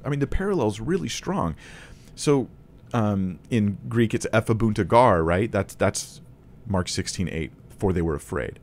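A man's voice: lowish voice, lively intonation, a little slow, a little mellow, slight background noise. A man teaching a Bible lesson to camera in a casual, conversational way, thinking aloud with restarts and small laughs.

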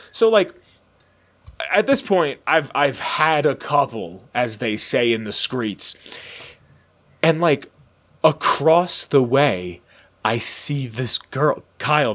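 A man in his late twenties telling a long story in casual podcast chat, acting out the people he quotes. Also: medium pitch. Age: late 20s. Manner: animated, acts out quoted voices.

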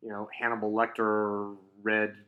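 A man co-hosting a casual comic book podcast, animated, laughing often and acting out quotes. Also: on the low side, a little slow, narrow, tinny audio. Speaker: podcast co-host.

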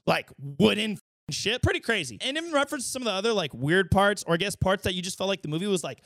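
A man hosting his podcast, giving a casual, animated movie review with swearing, his voice getting hoarse. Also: high-pitched, rapid-fire, dry recording, clean studio sound. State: losing his voice. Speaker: podcast host.

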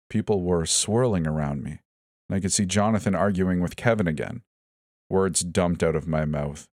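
Deep-voiced man narrating a horror story. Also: a little mellow, no room sound, clean studio sound. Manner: tense first-person storytelling, voicing each character in turn.

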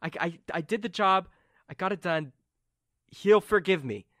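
A man voicing Carmen, a scheming young woman who insists she caught her prey and pleads with her captive in a high, pushy voice. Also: normal speed, fairly bright tone, dry recording, studio quality. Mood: boastful.

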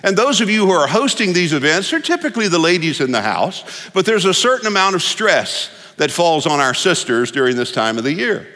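A man preaching in a folksy, joking storytelling manner. His voice sits fairly high and sounds bright and forceful. A long reverb from the church sanctuary trails every phrase. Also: very animated, fairly quick, few pauses. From Texas. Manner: folksy, humorous storytelling with repetitions. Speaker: pastor. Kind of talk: sermon.

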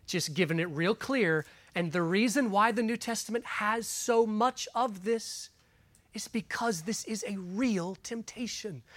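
A pastor preaching a sermon and reading scripture aloud, earnest and emphatic, dropping into quiet asides and guiding listeners through Bible passages. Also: mid-range voice, dry recording, clean studio sound. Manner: earnest, emphatic, shifts between loud stresses and quiet asides.

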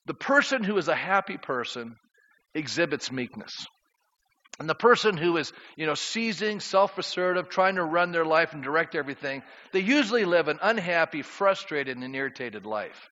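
A man's voice: on the high side, very animated, normal speed, pushed and bright. A male pastor preaching a conversational sermon to his congregation, often asking them questions. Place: church sanctuary. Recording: dull sound in a reverberant church hall.

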